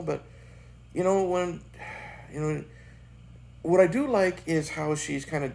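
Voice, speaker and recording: Gravelly-voiced blunt man reviewing movies. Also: medium pitch. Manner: profane, blunt and dismissive. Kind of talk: casual review monologue.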